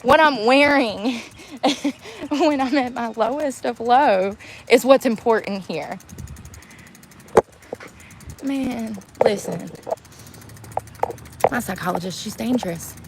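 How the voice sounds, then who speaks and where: A woman's voice: fairly high pitch, slow pace, vocal fry, long pauses, very noisy. A woman ranting bluntly in a casual vlog, laughing often, recorded outdoors in the woods. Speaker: vlogger.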